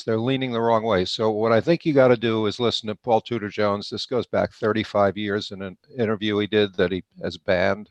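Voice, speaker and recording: A man's voice: lowish voice, no echo, muffled recording. An older man, stuffy from allergies, giving confident market views as a guest. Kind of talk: interview answers.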